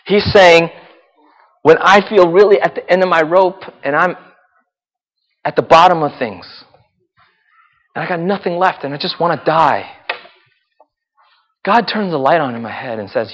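A male pastor with a high voice preaches in a sermon, moving between loud, intense stretches and quiet, hushed ones. His words ring out with a long reverb, like a large church hall. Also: animated, moderate pace, pauses often. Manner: swings from loud and intense to hushed and soft, with laughs.

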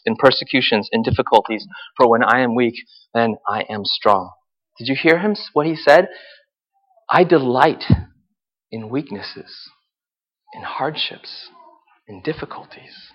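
A man preaching a sermon as a pastor. He swings from loud, intense passages to hushed, soft ones and laughs now and then. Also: mid-range voice, normal speed. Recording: reverberant hall.

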